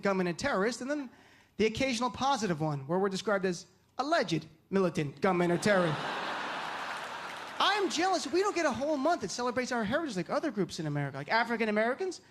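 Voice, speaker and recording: A man from New Jersey doing stand-up comedy, with an animated, punchy delivery. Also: extremely high pitch. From Lodi, New Jersey. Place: comedy stage. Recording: live venue with audience noise.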